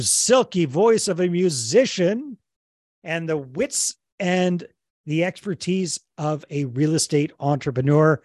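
A man's voice: fairly high pitch, a little mellow, no room sound, clean studio sound. A man hosting a podcast interview in casual, upbeat chat, joking at his own expense. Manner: upbeat, self-deprecating, jokey. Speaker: podcast host.

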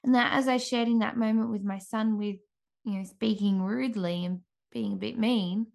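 A woman who hosts a podcast, giving an earnest faith-based encouragement talk with frequent restarts and pauses. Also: mid-range voice, fairly even intonation, vocal fry, darkish tone. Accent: Australian. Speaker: podcast host.

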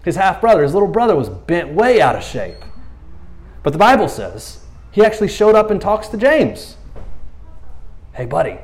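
Guy preaching a laid-back sermon, slightly high voice, keeps acting out the characters, lots of "you know what i mean". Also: normal speed, long pauses. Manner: animated storytelling, acting out quoted lines in playful voices. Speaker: pastor. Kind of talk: casual sermon.

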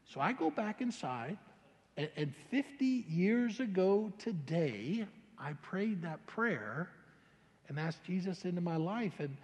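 High-voiced older pastor, animated testimony. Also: male voice, takes it slowly. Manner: animated, colloquial, stammering restarts. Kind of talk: sermon testimony storytelling. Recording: long hall reverb.

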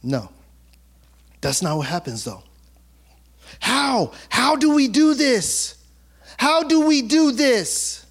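A male pastor giving a sermon, retelling a story in an animated, colloquial, conversational way. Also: extremely high pitch, slow, pauses often.

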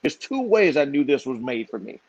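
A middle-aged man telling a story in lively conversation, acting out the voices of the people in it. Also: mid-range voice, moderate pace, no echo. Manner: animated, acts out quoted voices. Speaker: podcast guest. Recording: dull, dry, lo-fi sound.

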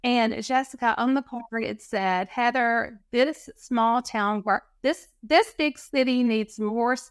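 Woman, higher voice, animated storyteller, quotes dialogue, dry close mic. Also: slow pace, smooth, dry recording. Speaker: podcast guest. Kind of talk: casual storytelling interview.

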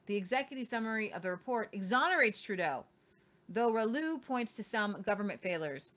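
A woman's voice: mid-range voice, animated, a little fast, fairly bright tone. A woman hosting a news show, delivering opinionated commentary with emphatic, sarcastic asides.

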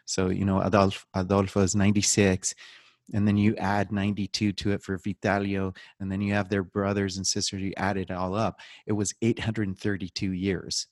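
With a low voice and moderate pace, a man recounts stories as a podcast guest; he's a documentary filmmaker in a casual interview. He's animated, joking and laughing as he acts out quotes, recorded in clean studio sound with no echo.

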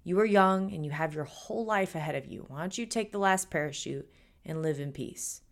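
A woman voicing an older male priest who speaks softly and gently to a young boy in a joke. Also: deep voice, brisk, pitched below the performer's own voice. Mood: gentle.

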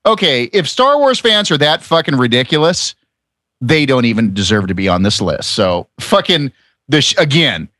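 A man on a podcast panel telling a rambling, profane story in a casual, animated way. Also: medium pitch, moderate pace, dry recording, clean studio sound. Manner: animated, swearing, storytelling with quoted voices.

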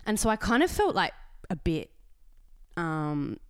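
Animated Australian woman telling a story. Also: lowish voice, measured pace, smooth, no echo, studio quality. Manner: animated storytelling, acts out quoted voices. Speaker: podcast co-host. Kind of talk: casual chat.

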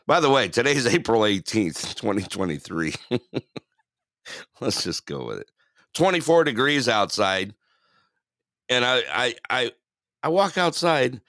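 A man's voice: lowish voice, a bit bright, no room sound, clean studio sound. A man hosting a casual online radio talk show, rambling and teasing with frequent laughter. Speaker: host.

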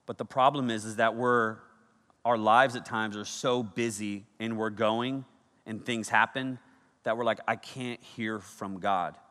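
A man in his thirties preaching a sermon, telling stories with energy that swings from loud bursts to hushed, serious points. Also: mid-range voice, steady tone, measured pace. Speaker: pastor. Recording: long hall reverb.

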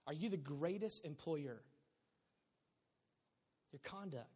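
A male pastor preaches with a high, bright voice that swings from quiet asides to loud bursts. His delivery is lively and humorous. The sound rings with the long reverb of a large church sanctuary. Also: slow, slightly rough. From Southern California. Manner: animated, joking preacher with sudden loud bursts. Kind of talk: sermon.

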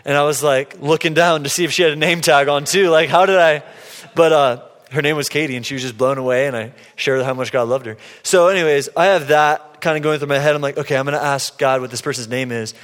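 A man preaching, telling a personal story with playful, lively quotes of himself and others. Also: a little high, a little fast. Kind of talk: sermon storytelling. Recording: long hall reverb.

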